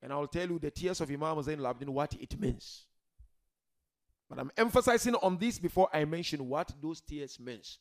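A man preaching a religious sermon to a seated gathering, emphatic, swinging from loud declarations to quiet murmurs and addressing the listeners directly. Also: fairly high pitch, animated, moderate pace. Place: gathering hall with a seated audience.

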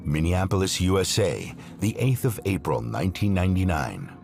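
Deep-voiced male documentary narrator. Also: big pitch swings, normal speed. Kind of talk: scripted narration. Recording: narration over clear music.

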